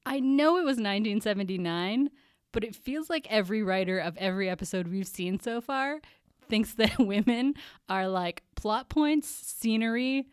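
A woman's voice: mid-range voice, animated, moderate pace, clear, resonant tone, no room sound, studio quality. A woman co-hosting a podcast, recapping a TV episode in casual chat and laughing often. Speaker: podcast co-host.

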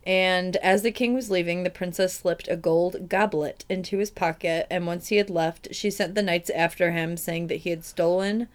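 A woman's voice: fairly low pitch, steady tone. Woman co-host retelling fairy tales. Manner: irreverent retelling with quick put-on voices for characters. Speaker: podcast co-host. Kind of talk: casual comedic storytelling.

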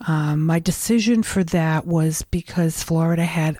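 Middle-aged new england lady rambling thru her stories, kinda low voice, dry sound. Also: unhurried, warm tone, dry recording. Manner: rambling, candid storytelling with restarts. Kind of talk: casual conversation.

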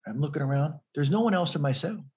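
A man's voice: a little high, expressive, fast talker, a little mellow. A man in an interview telling a personal story earnestly, often repeating words as he builds toward the point. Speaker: guest.

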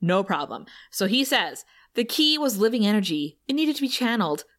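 A woman co-hosting a podcast, recapping a TV episode in a casual, lively way and laughing often. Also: medium pitch, fairly quick. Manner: lively, laughs often, quotes characters in playful voices. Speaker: podcast co-host.

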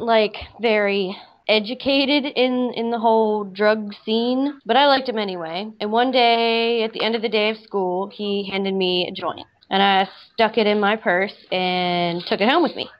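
A woman casually telling a personal story, rambling with many "like" fillers. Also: mid-range voice. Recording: slightly dull lo-fi audio.

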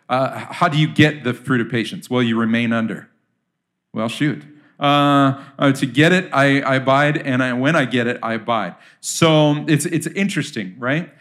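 A man's voice: medium pitch, a bit bright. A man preaching to a congregation in a church. He talks casually and often turns questions back to his listeners. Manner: conversational, asks the audience questions. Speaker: pastor. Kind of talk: sermon.

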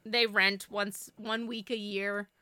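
A woman co-hosting a casual podcast chat about a TV show, animated and acting out lines from it. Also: mid-range voice, slow, clear, resonant tone, no echo, studio quality. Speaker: podcast co-host.

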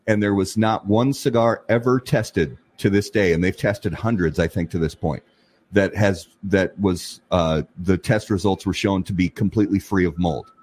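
A man co-hosting a casual talk show, explaining at length in an emphatic, animated way with frequent restarts. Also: deep voice, moderate pace, slightly rough. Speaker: podcast co-host. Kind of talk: casual chat.

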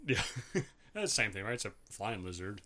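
Bright-voiced giggly man reading beer labels. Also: fairly low pitch, big pitch swings, normal speed. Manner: chatty, giggly, reads labels aloud. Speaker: podcast co-host reviewing beers. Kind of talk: casual chat over beers.

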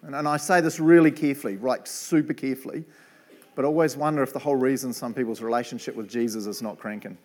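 A man's voice: mid-range voice, fairly even intonation, quick pace, darkish tone. A middle-aged man with a New Zealand accent preaching a sermon in a casual, chatty way, often tagging on "eh" and "right". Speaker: preacher and Bible college principal.

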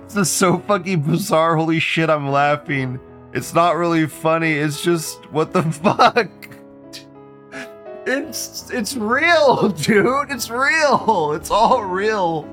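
A man's voice: high-pitched, animated, takes it slowly, a bit bright, faint music behind. A man hosting a live commentary show, rambling and swearing, often breaking into laughter and repeating phrases. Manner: profane, rambling, frequent laughter. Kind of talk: casual livestream commentary.

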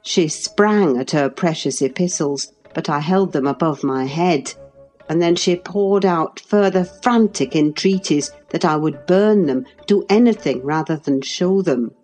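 A woman narrating a classic novel in a measured, expressive storytelling voice. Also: low-pitched, soft background music. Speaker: audiobook narrator.

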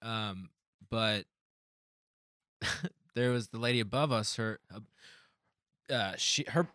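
A man's voice: on the low side, slow pace, bright, forceful tone, no room sound, studio quality. A man telling rambling neighborhood stories in casual podcast chat, swearing often and laughing as he talks.

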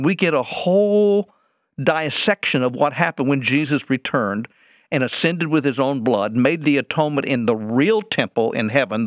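A man in a teaching role works through scripture, asking questions aloud and then answering them. His voice sits at an ordinary middle pitch, and the recording is close and dry, with no room sound. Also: dry recording. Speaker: Bible teacher guest. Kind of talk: explaining scripture in an interview.

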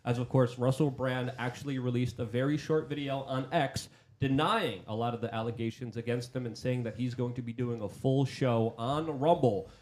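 An American man hosting a political talk show. He speaks in a polished radio presenter voice, with a middling pitch for a man. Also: moderate pace, darkish tone. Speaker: host.

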